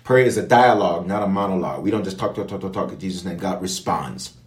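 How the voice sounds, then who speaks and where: Speaking straight to an online audience, a man who is a bishop prays and then moves into teaching from the Bible, his delivery emphatic and repetitive and full of prophetic declarations. He talks quickly in a low-sitting voice, and the room sounds echoey.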